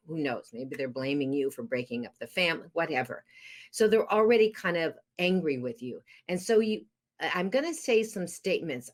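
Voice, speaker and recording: A woman coaching parents on divorce, explaining steps earnestly with frequent fillers. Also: deep voice. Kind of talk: podcast interview advice.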